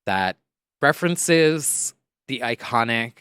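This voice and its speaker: Smooth-voiced man co-hosting a podcast. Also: mid-range voice, animated, fairly bright tone, no room sound. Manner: playful, quick to laugh, chatty. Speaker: podcast co-host. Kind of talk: casual chat.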